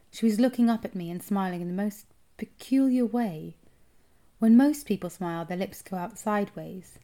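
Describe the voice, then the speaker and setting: A woman reads a children's novel aloud for a podcast, putting drama into the tense moments. Her telling is expressive and steady, at an ordinary pitch. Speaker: podcast co-host reading aloud.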